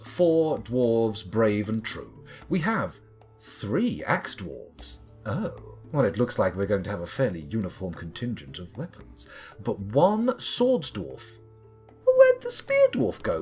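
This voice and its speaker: Man, live game commentary, jokey chatter, lively pitch, soft guitar music behind. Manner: chatty, jokey, reads items aloud. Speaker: streamer.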